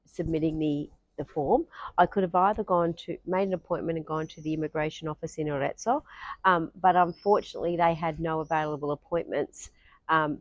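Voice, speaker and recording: An Australian woman explains her own experience in a casual, chatty vlog, pausing on ums and restarting her sentences. Her voice sits a little low for a woman. The sound is dry and close, with no room echo. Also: darkish tone. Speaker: vlogger.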